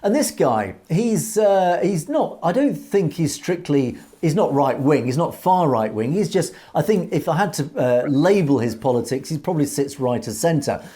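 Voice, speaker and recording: A man commentating on a video in measured, earnest political commentary, with light hesitations. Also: fairly high pitch, animated, mellow. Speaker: online news commentator.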